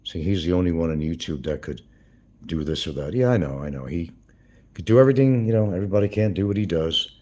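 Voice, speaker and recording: Husky-voiced man rambling through crude gossip. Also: low-pitched, animated, quick pace, warm tone. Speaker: livestream host. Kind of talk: casual livestream commentary.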